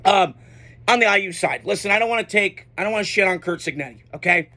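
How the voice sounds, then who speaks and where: Young male sports commentator, high bright voice, blunt and unfiltered. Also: expressive, quick pace, slight background noise. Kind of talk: casual sports reaction monologue.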